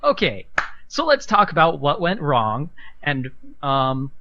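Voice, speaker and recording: A man's voice: fairly high pitch, huge pitch swings, takes it slowly, sharp tone, lo-fi sound. A man playing a tabletop game, describing his character's actions with hesitant ums. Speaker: player.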